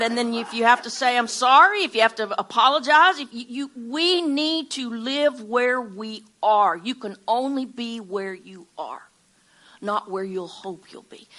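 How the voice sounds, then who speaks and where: A woman's voice: a little high, lively intonation, moderate pace, bright, forceful tone. A woman from Alabama with a Southern accent, teaching an informal sermon in a folksy way, often repeating words and restarting her sentences. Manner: storytelling with acted-out quotes. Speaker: Bible teacher.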